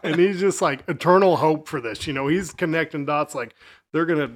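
A man's voice: fairly high pitch, a little fast. A man, co-hosting a podcast in casual chat and telling stories while acting out his friends' lines. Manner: laughing storyteller, acts out friends' lines. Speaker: podcast co-host.

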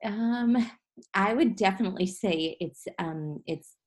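A woman talking as a podcast guest in casual chat, reflective and quick to laugh. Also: medium pitch. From grew up on a ranch. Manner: warm, reflective, laughs often.

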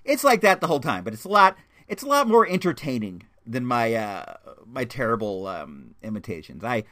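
Chatty man with lively pitch, reviewing movies. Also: normal speed. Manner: rambling, many restarts and fillers; enthusiastic, chatty.

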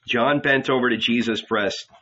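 A man narrating an audiobook in a measured, dramatic way. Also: medium pitch, pushed and bright, highs cut off.

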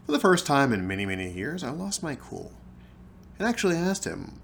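A man's voice: a little high, very animated, fairly quick, gravelly, a bit bright, a little hiss or hum. A man hosting his own podcast, telling a personal story in a theatrical, wry way and calling his listeners folks. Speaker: podcast host. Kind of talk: storytelling monologue.

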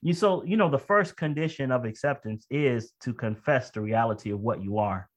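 A man preaching a sermon in a conversational way, telling a personal story. He moves between quick asides and slow, emphatic phrases, and his voice jumps high and loud when he relives strong feelings. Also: dull audio. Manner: rises to loud high-pitched outbursts when reenacting emotion.

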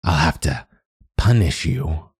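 A cruel, scheming witch taunts and threatens her captive in a story reading, voiced by a man. Her voice stays very deep and sits dry and close to the mic. She coaxes sweetly one moment and threatens the next. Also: measured pace, husky, dry recording, exaggerated voice. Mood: menacing. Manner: coaxing and threatening.

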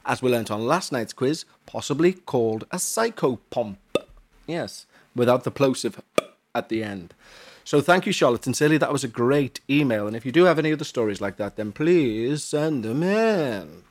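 A man's voice: medium pitch, lively intonation, normal speed. A man from Huyton, co-hosting a podcast and reading listener emails aloud in a chatty, jokey way with self-mocking asides. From Huyton, Merseyside, England.

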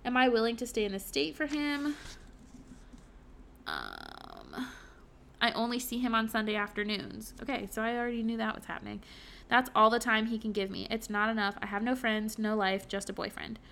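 A woman in her twenties, a podcast host, reading her own journal entries aloud in a candid, halting way with many fillers. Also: a little high, big pitch swings, creaky, fairly bright tone. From Virginia. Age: 20s.

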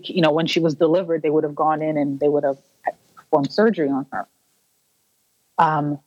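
A woman's voice: sits low, a little mellow, dry recording, dull audio. A woman interview guest earnestly recounting a personal story, restarting her sentences and acting out the voices she quotes.

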